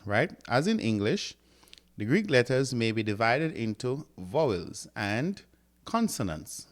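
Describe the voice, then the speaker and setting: A man teaching a language lesson, sounding words out and often checking in with "right?". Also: mid-range voice. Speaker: Greek teacher. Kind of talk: classroom lecture.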